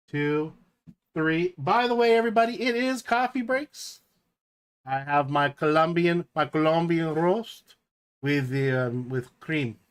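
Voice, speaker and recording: High-voiced guy hosting a card break stream, slow easygoing chat, reads names off one by one. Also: clean tone. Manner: excited horse-race commentary. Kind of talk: casual livestream chat.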